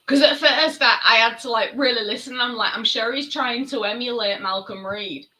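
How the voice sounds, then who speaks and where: A woman with a bright, forward voice chats casually as a podcast co-host. She pokes fun at herself as she talks, and she is heard through a video call mic. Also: fairly high pitch, moderate pace, rough recording. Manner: chatty and self-mocking. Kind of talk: casual chat.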